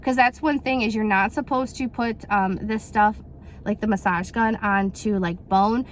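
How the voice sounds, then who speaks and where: A woman's voice: medium pitch, normal speed, slight background noise. Chatty woman in her thirties. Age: 30s. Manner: chatty, rambling with fillers and acted-out quotes. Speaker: vlogger reviewing a product. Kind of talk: casual unboxing chat.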